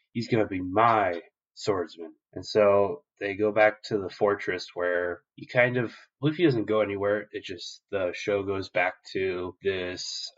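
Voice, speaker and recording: A man's voice: fairly low pitch, muffled recording. A man co-hosting a podcast, recapping a show in loose, profane casual chat full of fillers. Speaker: podcast co-host.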